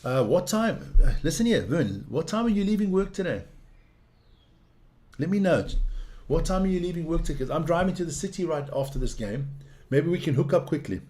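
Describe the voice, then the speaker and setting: A man giving casual live rugby commentary, excitable and blunt, swearing at the referees. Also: on the high side, a little fast. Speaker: watch-along rugby commentator.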